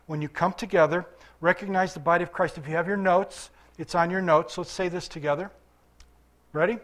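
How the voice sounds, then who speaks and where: A man's voice: high voice, steady tone, a little fast, a bit bright. A male pastor preaching a sermon in a conversational way, with casual asides. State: limping after surgery.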